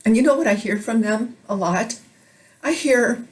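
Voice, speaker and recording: A woman's voice: on the high side, expressive, a little slow. A woman from Minnesota delivering an emotional, urgent monologue to camera for her video blog. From Minnesota, United States. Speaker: video blogger.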